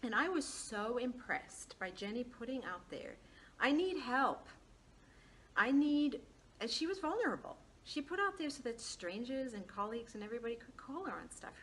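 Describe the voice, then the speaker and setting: A woman's voice: fairly high pitch, very animated, brisk, few pauses, fairly bright tone, slight background noise. A woman life coach telling a personal story in a casual, chatty way, laughing often and acting out the lines of the people in it. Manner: chatty, laughs often, acts out quoted dialogue.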